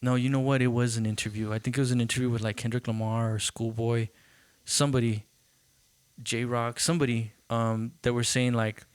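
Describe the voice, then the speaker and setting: A man's voice: medium pitch, a little fast, smooth, no room sound. A man hosting a podcast in casual chat, telling stories animatedly and acting out quotes, with frequent swearing. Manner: animated storytelling, acts out quotes, swears freely. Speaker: podcast host.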